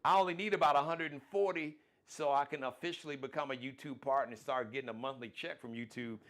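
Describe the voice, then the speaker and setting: A man hosting his own live-streamed talk show, speaking in in a folksy, animated way, full of shout-outs and plugs. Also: medium pitch, fast talker.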